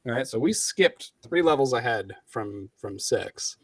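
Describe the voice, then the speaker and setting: Man, showman-like casual chat, mock announcer, middle pitch, dry close sound. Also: lively intonation, measured pace, no echo. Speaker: tabletop game player tasting hot sauce on stream.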